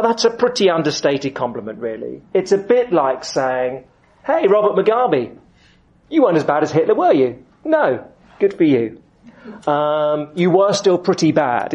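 A man preaching through a Bible passage, with quick asides and acted-out voices. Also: medium pitch. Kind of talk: expository sermon with Bible reading. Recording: dull lo-fi sound.

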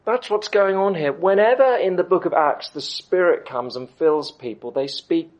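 A middle-aged man preaching a sermon, emphatic, with dramatic pauses. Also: high-pitched, muffled recording. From United Kingdom.

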